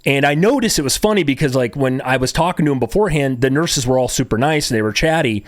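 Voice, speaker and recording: A man's voice: mid-range voice, expressive, fast, no room sound. Rambling man, dry close sound. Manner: rambling, repeats words, many fillers. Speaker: cancer survivor telling his story. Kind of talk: casual storytelling to viewers.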